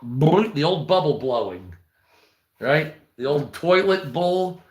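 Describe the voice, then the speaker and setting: A man's voice: a little high, lively intonation, slow pace. A man from the United States giving heated, profane, rambling commentary on a live news stream.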